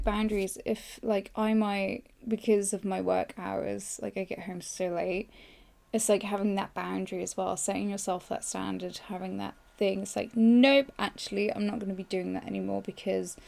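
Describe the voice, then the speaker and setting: A woman, hoarse, hosting a casual live journaling session on a podcast in a rambling, chatty way with lots of fillers. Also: mid-range voice, dark tone. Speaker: podcast host.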